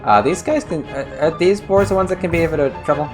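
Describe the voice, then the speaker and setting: A man's voice: a little high, fast, over music. A man giving casual commentary while playing a video game, chatty and often restarting his sentences as he thinks aloud. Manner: chatty, self-correcting, mixes in translation remarks. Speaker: game streamer. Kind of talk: let's-play commentary.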